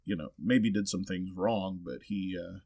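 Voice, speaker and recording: A man co-hosting a podcast, talking in a relaxed, reflective way and drawing on his own life. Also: low voice, unhurried, gravelly, no room sound. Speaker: podcast co-host. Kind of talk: casual chat.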